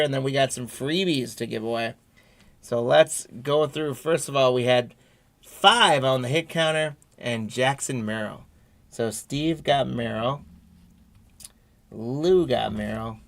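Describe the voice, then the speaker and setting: An unhurried man hosting a live card break stream, reading card after card in a measured, drawn-out way. His voice sits at an ordinary middle pitch, and he drops in easygoing asides to viewers between pulls. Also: a bit bright. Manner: unhurried, reads card names off one by one, friendly asides to viewers.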